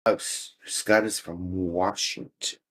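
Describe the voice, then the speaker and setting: A man's voice: deep voice, steady tone, slow pace, fairly bright tone. A man hosting a casual livestream, chatting easygoing with viewers, reading their comments aloud and chuckling often. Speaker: livestream host. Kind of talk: casual chat with live viewers.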